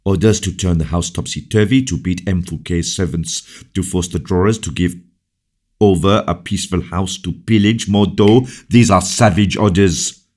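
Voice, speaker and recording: A man voicing a proud, angry musketeer captain speaking forcefully and with indignation. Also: deep voice, normal speed. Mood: indignant.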